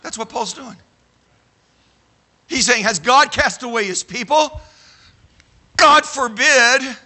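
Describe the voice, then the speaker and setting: A man teaching a sermon to a live audience, animated and emphatic, checking in with the room with frequent "okay?" and at times shouting a phrase for emphasis. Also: very high-pitched, measured pace. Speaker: Bible teacher.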